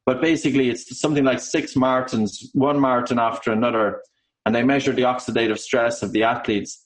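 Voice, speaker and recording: A man with an Irish accent, an author and breathing coach, explaining his subject in a measured way during an interview. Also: mid-range voice, steady tone, poor audio. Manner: measured, explanatory, with occasional ums.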